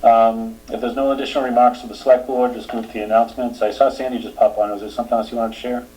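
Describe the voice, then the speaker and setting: A man with a Boston accent chairing a town meeting, reading announcements steadily and trailing off quietly. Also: medium pitch, level tone, rapid-fire, rough recording. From Boston area. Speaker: board chair.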